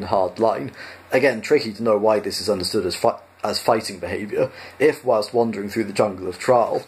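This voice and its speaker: A man reading a comic science-fiction novel aloud, narrating in a dry, even manner. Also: fairly low pitch. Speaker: storyteller.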